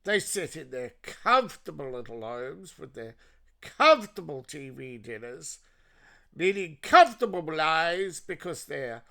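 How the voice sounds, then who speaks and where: Hosting his own show, an Australian man delivers a solo political monologue full of sarcasm and mockery. His voice is slightly high and creaky, with a sharp tone.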